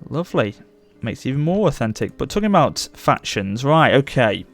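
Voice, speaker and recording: A young man commenting on his strategy game as a let's play host, gushing with excitement. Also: mid-range voice, a little fast, creaky, faint music behind. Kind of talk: gameplay commentary.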